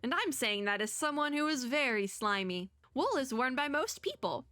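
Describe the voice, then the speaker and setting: A woman's voice: sits high, very animated, moderate pace, sharp tone, dry recording, clean studio sound, heavily acted. A woman reading the lines of a matter-of-fact frog detective in a game. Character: calm frog detective in a wool sweater.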